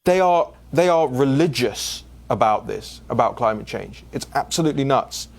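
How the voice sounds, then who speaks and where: A young adult man hosting a political commentary show, answering listener questions in a casual, animated way, often restarting and repeating words. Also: medium pitch, moderate pace, vocal fry.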